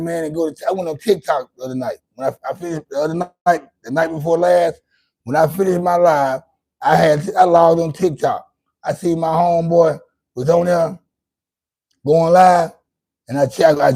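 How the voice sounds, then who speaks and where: A man's voice: fairly high pitch, warm tone. A man hosting his own livestream, talking loosely and profanely to his chat, rambling with lots of restarts. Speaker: livestream host. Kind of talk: casual livestream monologue.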